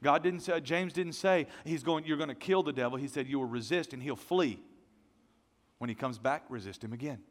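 A middle-aged man preaching a sermon as pastor, dynamic, swinging from loud to hushed. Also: mid-range voice, brisk. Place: church sanctuary. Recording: long hall reverb.

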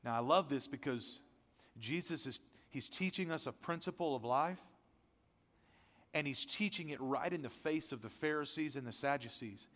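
Energetic preacher, lighter voice, hall reverb. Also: male voice, moderate pace. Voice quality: not a deep voice. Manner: energetic, conversational preaching with self-deprecating asides. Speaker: pastor. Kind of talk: sermon.

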